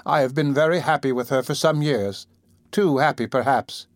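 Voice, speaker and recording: A man voicing an anxious elderly aunt who speaks slowly, gently and with a tremble. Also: mid-range voice, dry recording, clean studio sound, lightly acted.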